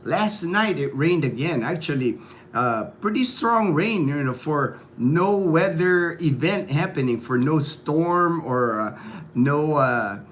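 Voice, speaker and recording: A man's voice: fairly high pitch, expressive, slow, a bit bright, a little hiss or hum. A man hosting a casual morning livestream, upbeat and chatty, greeting viewers by name between stories. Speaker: livestream host. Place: home in a provincial town.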